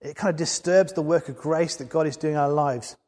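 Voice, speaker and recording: A preacher delivers his sermon with earnest conviction, rising to emphatic peaks. His voice sits a little high for a man. The sound carries a long reverb from a large hall. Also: a little fast, darkish tone.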